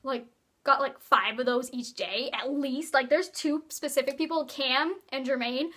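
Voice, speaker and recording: A woman's voice: high voice, unhurried, bright, forceful tone. A teenage girl chatting casually in a vlog, rambling and giggly, with playful asides. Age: teens. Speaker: vlogger.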